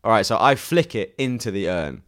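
A man's voice: lowish voice, lively intonation, a little fast, fairly bright tone. Laughing, hesitant man at a game table. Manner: hesitant, laughs often, many fillers. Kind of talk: casual chat.

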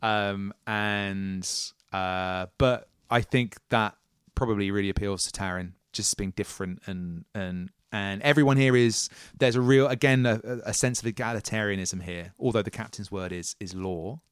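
A man narrates a tabletop role-playing game as game master, sounding musing and hesitant, often restarting phrases and laughing. His fairly low voice is smooth and moves at a normal speed, with studio-quality sound and no room echo.

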